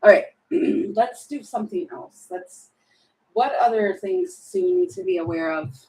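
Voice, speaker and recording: A woman's voice: mid-range voice, gravelly, slight background noise, rough recording. A woman doing a casual tarot reading to camera at home, chatty and laughing, talking to herself between cards. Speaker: tarot reader.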